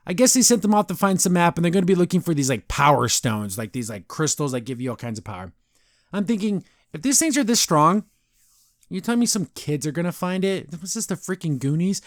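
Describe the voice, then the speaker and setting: A man's slightly high voice, rambling through a casual recap with plenty of fillers and quick bits of acted-out dialogue. The sound is dry and close, with almost no room echo. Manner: rambling, filler-heavy, often acts out characters' lines. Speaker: podcast host reviewing a cartoon episode.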